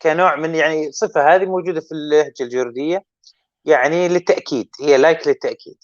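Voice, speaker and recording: Very fast-talking Saudi male host. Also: fairly high pitch, fairly even intonation, no room sound, lo-fi sound. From Saudi Arabia. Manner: rapid, switches between English and Arabic. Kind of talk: casual chat.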